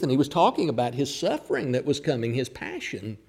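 A man preaching a sermon, retelling a scripture story with acted quotes and dramatic pauses. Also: medium pitch, big pitch swings, a little mellow, breathy edge.

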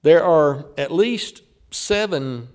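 A man preaching a sermon, who slows down and leans hard on the words he wants to stress. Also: fairly high pitch, expressive, a little mellow, clear, resonant tone.

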